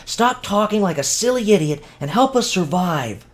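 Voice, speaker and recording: A man's voice: high-pitched, lively intonation, moderate pace, pitched above the performer's own voice. A man doing a stern, practical young woman. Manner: firm, exasperated. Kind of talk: audiobook reading.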